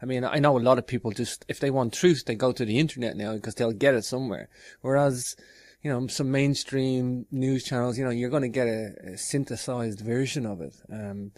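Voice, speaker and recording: A man's voice: medium pitch, steady tone, brisk, darkish tone, dry recording. A man interviewing a guest in a casual conversation, agreeable and speaking with frequent fillers.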